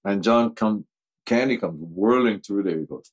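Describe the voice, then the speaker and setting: An older man, a football coach, telling lively anecdotes in a casual interview, laughing often and acting out what others said. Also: lowish voice, normal speed, rough recording. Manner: animated anecdotes, acts out quoted voices, laughs often.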